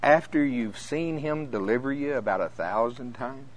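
This is a middle-aged man delivering a sermon to a congregation at normal speed and medium pitch. He acts out the voices of the people in his stories, telling them with animation and frequent laughter.

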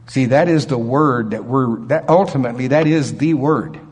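A man preaching a sermon in an animated way, acting out voices with sudden jumps in pitch. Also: a little slow, husky.

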